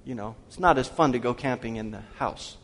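A man preaching to his congregation in a church sanctuary, his voice ringing with a long hall reverb. He speaks at a medium pitch, draws the listeners in with questions, and slows right down when he reads scripture aloud. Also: a bit bright, a little hiss or hum. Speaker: pastor. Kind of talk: sermon.

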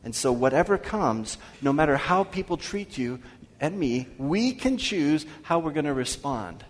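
A man preaching a sermon as pastor, asking his congregation questions and slowing down to read scripture aloud. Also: a little high, very animated. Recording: long hall reverb.

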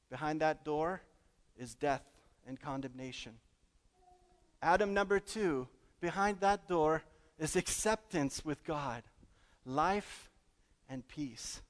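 A man's voice: fairly high pitch, big-room sound. A man preaching a sermon in a church, emphatic and asking the congregation questions. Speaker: pastor.

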